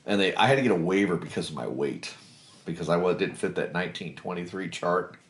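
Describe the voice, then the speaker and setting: Man, forties, Kentucky accent, deep voice, blunt and profane, echoey room. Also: brisk, a little hiss or hum. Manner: blunt, profane, swerves into animated impressions of others. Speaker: veteran interviewee. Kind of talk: casual storytelling interview.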